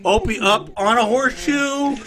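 A man's voice: very high voice, moderate pace, bright, forceful tone. A man co-hosting a casual podcast, trading crude, laughing banter. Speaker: co-host. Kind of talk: casual comedic chat.

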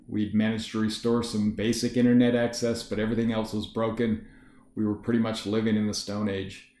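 A man with a fairly low voice narrates a first-person story in a measured, matter-of-fact way. His voice rings in a roomy, echoey space. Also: mellow. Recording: roomy echo.

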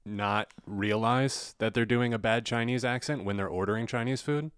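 A man's voice: medium pitch, normal speed, clean tone, dry recording, studio quality. A man co-hosting a podcast, chatting casually about politics with a wry, joking manner. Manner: wry and joking, laughs along. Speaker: podcast co-host.

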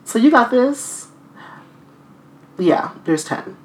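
A man's voice: extremely high pitch, very animated, takes it slowly. A man co-hosting a podcast in casual chat, joking and swearing freely with his friend. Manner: profane, joking banter. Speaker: podcast co-host.

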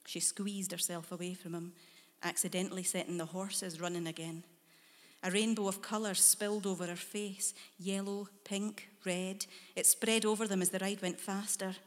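A woman narrating a dark short story in a measured, hushed storytelling manner. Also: mid-range voice, fairly even intonation, long reverb tail.

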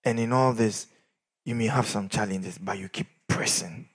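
A middle-aged man preaching a sermon, swinging from shouts down to near whispers. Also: fairly low pitch, normal speed, husky. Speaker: pastor.

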